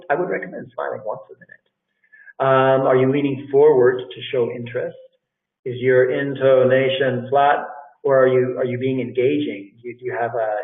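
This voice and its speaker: A middle-aged man, an English teacher, giving casual interview tips to learners, repeating phrases and calling his listeners "guys". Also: mid-range voice. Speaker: English teacher and language school director. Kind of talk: live talk on job interview tips. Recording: echoey room, distant tinny phone-like sound.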